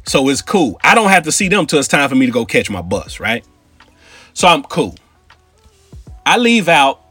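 Animated husky man telling a story. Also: fairly high pitch, normal speed, dry recording, soft background music. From Cincinnati. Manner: animated, street slang, asides to the audience. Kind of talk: casual storytelling.

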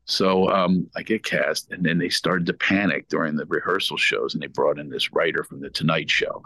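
A middle-aged man from Philadelphia, a comedian guest on a podcast, telling an animated story that he breaks up with impressions. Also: extremely low pitch, normal speed, rough recording. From Philadelphia, United States.

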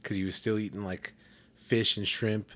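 A man's voice: flat delivery, normal speed, fairly bright tone. A man chatting casually on a podcast, telling stories with plenty of swearing and acting out what people said. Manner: profane, storytelling, acts out quotes in a high voice. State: eating while talking. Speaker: podcast co-host. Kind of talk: casual chat.

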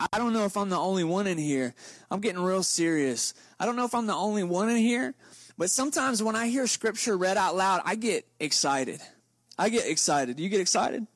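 A man preaching a lively, conversational sermon to his congregation, openly excited and talking casually between scripture readings. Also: high voice, dry recording. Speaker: pastor.

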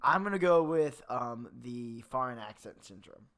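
A man's voice: mid-range voice, expressive, normal speed, a bit bright. A man playing a guessing game with a friend, reacting playfully, laughing and swearing. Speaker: contestant. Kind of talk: casual chat.

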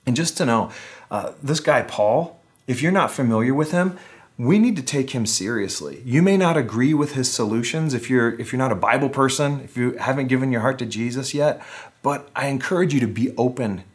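A man's voice: mid-range voice, expressive, fairly quick. A man preaching a casual, conversational sermon online, with wry humor, acting out the voices he quotes. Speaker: pastor.

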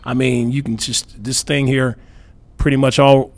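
A man hosting a casual radio talk show, telling stories in a lively way and acting out other people's words. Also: medium pitch, unhurried. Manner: lively storyteller, acts out quoted voices. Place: radio studio. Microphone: studio microphone.

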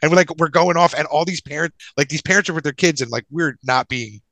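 Bright, rambling podcast storyteller man. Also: a little high, fast talker, dry recording, rough recording. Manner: rambling, profane, animated anecdote-telling with frequent restarts. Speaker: podcast co-host.

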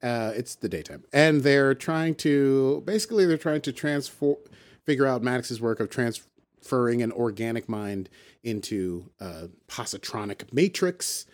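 A man co-hosting a podcast, recapping an episode in a rambling, playful way and dipping into quick voices when he quotes characters. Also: mid-range voice. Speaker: podcast co-host. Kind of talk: casual recap chat.

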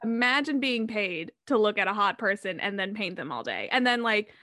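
A young woman co-hosting a podcast in casual chat, animated and laughing, acting out her own reactions. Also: medium pitch, moderate pace, no echo, studio quality. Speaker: podcast co-host.

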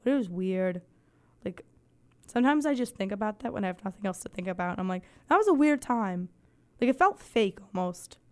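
A woman hosting a podcast in casual chat, her voice soft and fading, rambling and swearing with deadpan jokes. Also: medium pitch, fairly quick. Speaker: podcast host.

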